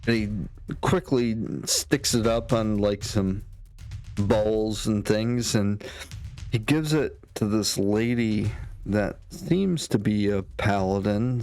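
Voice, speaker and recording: Male game master, unhurried, loose and rambly narration. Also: on the low side, darkish tone, faint music behind. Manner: rambling, many fillers and restarts. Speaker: dungeon master.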